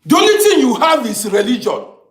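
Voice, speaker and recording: Fired-up man, high lively voice. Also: brisk, echoey room. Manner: lecturing, repetitive, emphatic. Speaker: live streamer reading comments. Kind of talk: heated monologue to viewers.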